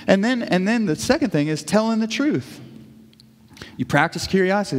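A man's voice: sits high, expressive, normal speed. A male pastor giving a sermon in a conversational, self-correcting way, acting out inner dialogue as he goes. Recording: long hall reverb.

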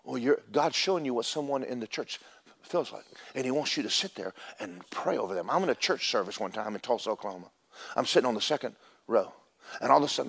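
A man preaches in a church, mixing scripture with homespun stories. His delivery rises and drops, now loud, now near a murmur. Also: medium pitch, expressive, fast talker, creaky, slightly rough. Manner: storytelling preacher, swings from loud to hushed. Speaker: pastor. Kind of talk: sermon. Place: church sanctuary.

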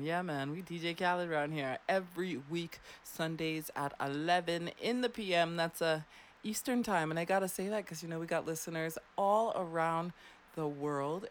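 Chatty woman hosting late-night radio. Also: fairly low pitch. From Bahamas. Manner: chatty, teasing, laughs often. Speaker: radio show host. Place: radio studio.

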